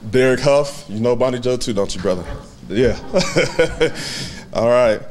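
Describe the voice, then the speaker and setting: A man in his thirties giving a heartfelt, halting acceptance speech at a hall of fame banquet, fighting back tears and laughing softly. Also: mid-range voice, a little hiss or hum.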